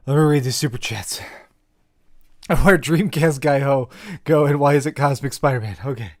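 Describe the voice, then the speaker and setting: A young man with a mid-range voice hosts a casual live stream at normal speed, using a desk mic with a face cam. He reads out super chats, rambling in a joking, self-mocking way.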